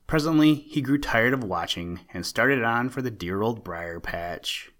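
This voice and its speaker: A man hosting a podcast, reading a children's animal story aloud in a calm, measured way. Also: medium pitch.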